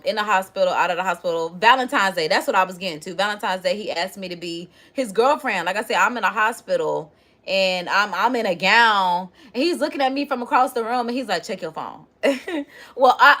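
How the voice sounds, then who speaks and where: A young woman vlogger telling a personal story casually and expressively, talking straight to her viewers. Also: medium pitch. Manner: expressive, chatty, addresses viewers directly. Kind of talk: casual storytime to a live chat.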